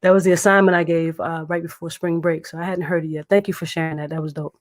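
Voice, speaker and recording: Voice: mid-range voice, level tone, fast. A laid-back host of an online open mic, chatting casually between poems and repeating words like "indeed" and "dope". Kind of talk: casual chat.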